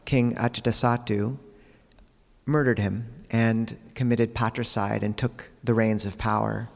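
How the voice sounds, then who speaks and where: A man, a Buddhist monk, giving a dharma talk, telling teaching stories in a calm, measured way with quiet pauses. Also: fairly low pitch, gravelly, in a large hall.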